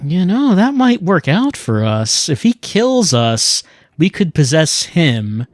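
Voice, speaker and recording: A man's voice: fairly high pitch, big pitch swings, slow, no echo. A man giving sarcastic, joking commentary while playing a video game. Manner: sarcastic, self-mocking jokes. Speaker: let's play commentator. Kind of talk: casual gameplay commentary.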